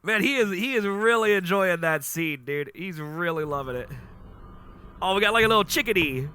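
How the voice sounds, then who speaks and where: A young man streaming live, chatting casually and gushing excitedly with frequent laughs. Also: high voice, normal speed, slight background noise. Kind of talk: casual livestream chat.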